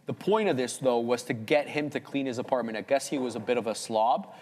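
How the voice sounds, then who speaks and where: A chatty man at a middle pitch co-hosts a live trading stream in an easygoing way, moving between chart talk and stories. His voice carries a long reverb tail from the studio. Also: a little fast, a little hiss or hum. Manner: chatty, relaxed, tells stories. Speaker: co-host of a live trading show. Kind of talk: casual live market commentary and banter.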